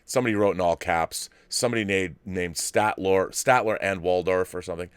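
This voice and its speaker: A man's voice: low voice, a little fast, clean tone, dry recording. A man in his fifties hosting a live-stream show, chatting in a rambling way with many restarts. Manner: baby-talk voice to dogs. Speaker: host.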